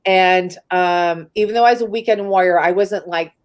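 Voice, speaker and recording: Guesting on a live interview, a Bay Area woman tells a personal story in a candid, casual manner, peppered with "like" and plenty of swearing. She has a lowish voice and a moderate pace.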